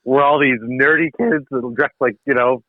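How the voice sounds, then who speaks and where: A man from Ontario, Canada, with a mid-range voice at a moderate pace, is a podcast guest telling his own story casually. He's animated and self-deprecating, laughing at himself, over a tinny, dry phone line.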